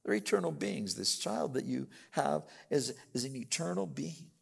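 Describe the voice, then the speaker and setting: An older male pastor preaching a sermon, booming on emphatic lines and dropping to soft asides, with a long hall reverb. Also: lively intonation, normal speed, creaky, slightly rough.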